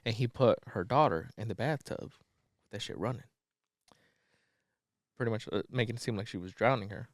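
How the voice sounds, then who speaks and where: A podcast co-host retells a movie plot in a loose, profane, slangy storytelling style, a casual plot recap. His voice is on the low side at a moderate pace with long pauses, recorded with studio quality and no room sound.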